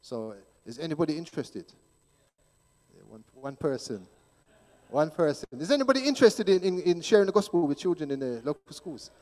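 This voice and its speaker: A high-voiced man speaks at a church gathering, urging and emphatic, often doubling back on his words for stress. His voice carries a long reverb tail through the church hall. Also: a little fast. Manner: animated, emphatic, repeats words when pressing a point. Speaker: church speaker promoting a schools ministry. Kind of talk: church appeal talk.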